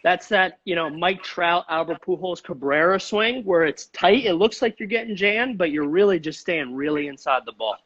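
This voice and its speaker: Enthusiastic New York coach, dull lo-fi audio. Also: male voice, high-pitched, animated, normal speed, hardly any pauses, a bit bright. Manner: enthusiastic, emphatic. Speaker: guest baseball coach. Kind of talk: casual coaching chat.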